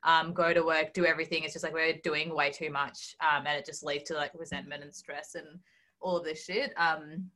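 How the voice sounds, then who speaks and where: A woman's voice: low-pitched, level tone, normal speed, sharp tone. A woman co-hosting a podcast, chatting casually and telling stories with lots of laughter and acted-out quotes. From Australia. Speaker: podcast co-host. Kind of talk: casual chat.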